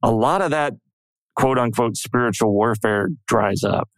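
A man co-hosting a podcast, speaking in a thoughtful, measured way. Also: medium pitch, no room sound. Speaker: podcast co-host. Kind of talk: casual chat.

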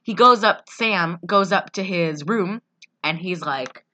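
A woman's voice: fairly low pitch, slow, pushed and bright. A woman chatting casually on a podcast, recapping a movie in a rambling way, laughing often and acting out lines. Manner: giggly, rambling, acts out quotes.

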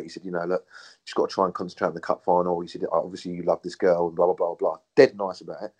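A man's voice: sits low, flat delivery, quick pace, a little mellow. A man, a former footballer, chatting casually and telling stories with frequent laughs and swearing. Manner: swears freely, laughs often, tells stories. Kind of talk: casual chat.

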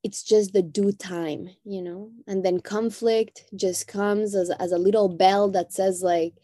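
Earnest woman with a mellow voice. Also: mid-range voice, steady tone, a little slow, no echo. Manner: earnest, heartfelt, peppered with "you know". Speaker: guest. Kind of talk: reflective conversation.

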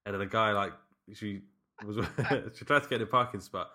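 Low-pitched, bright-toned man. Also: normal speed. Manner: rambling, self-interrupting, laughs often. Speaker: podcast co-host. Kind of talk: casual chat recapping a horror film.

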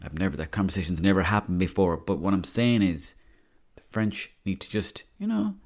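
A young Irish man hosts a podcast, swearing freely as he tells rambling comic stories. His voice is low with a darkish tone, very animated, and a little fast.

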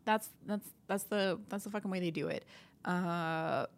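A woman's voice: fairly low pitch, a little slow, gravelly. A woman, a comedian guest, talking in blunt, chatty style on a podcast and explaining things at length. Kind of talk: casual chat.

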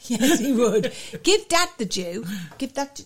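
Casting: older woman, podcast co-host, high voice that swoops and dips through her stories. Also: unhurried, slight background noise. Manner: animated storyteller, acts out quotes. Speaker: podcast co-host, children's author. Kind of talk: casual podcast chat, storytelling.

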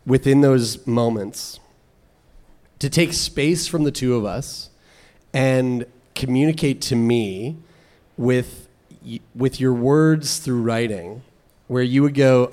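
A man's voice: medium pitch, slow, mellow. A man co-hosting a casual advice chat, talking in a rambling way with many fillers and restarts.

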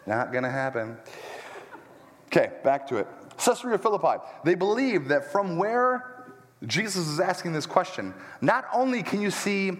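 A man preaching a sermon as pastor, animated and emphatic, with joking asides, walking around as he speaks. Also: on the high side, unhurried. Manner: walks around while preaching. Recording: long church-hall reverb.

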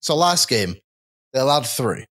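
Easygoing co-host, dry close mic. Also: male voice, medium pitch, a little slow, dry recording. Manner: relaxed, joking banter with some filler. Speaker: co-host of a sports show. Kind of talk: casual live-stream chat.

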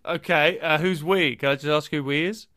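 A man's voice: on the high side, fairly quick, no echo, studio quality. A man playing a wary Canadian guy. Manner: wary, questioning, deadpan. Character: skeptical Canadian man being recruited.

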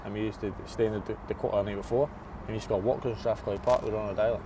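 A man's voice: fairly low pitch, fairly even intonation, very fast. A man with a Scottish accent, a former footballer in a casual podcast chat, rambling through anecdotes. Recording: noisy background.

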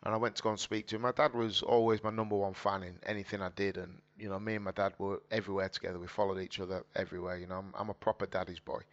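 A man talks in a fairly low voice, earnest and openly emotional as he recounts his past. He loops back over his words and acts out old conversations. The recording sounds dull and lo-fi. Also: level tone, racing, hardly any pauses. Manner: earnest, emotional, repeats phrases and quotes his dad. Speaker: guest, former footballer turned boxer. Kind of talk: candid conversational storytelling. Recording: dull lo-fi audio.

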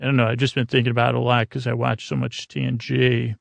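A man's voice: mid-range voice, flat delivery, fast talker, vocal fry, no room sound. A man hosting a podcast, casually retelling a TV episode as a bedtime story, rambling loosely with many hesitations. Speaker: podcast host.

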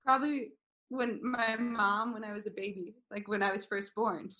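A woman's voice: medium pitch, fairly even intonation, normal speed, bright, forceful tone. A woman chatting as a podcast guest, chiming in with wry interjections. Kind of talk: casual chat.

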